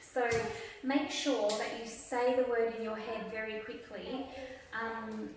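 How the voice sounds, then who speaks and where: A woman's voice: fairly high pitch, fairly even intonation, takes it slowly. A young adult woman, a literacy educator patiently explaining a classroom activity step by step with examples. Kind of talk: instructional video demonstration. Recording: echoey room, voice from a distance, faint noise.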